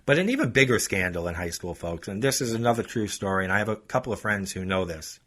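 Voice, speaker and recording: A man's voice: lowish voice, expressive, fast, a bit bright. A male podcast host telling a story in a chatty, casual way, talking straight to his listeners. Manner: chatty, addresses listeners as folks.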